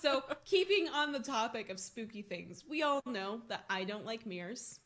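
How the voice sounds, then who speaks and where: A young woman co-hosting a podcast, telling a story in a casual, animated way, with lots of swearing and laughter. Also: a little high, moderate pace. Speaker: podcast co-host.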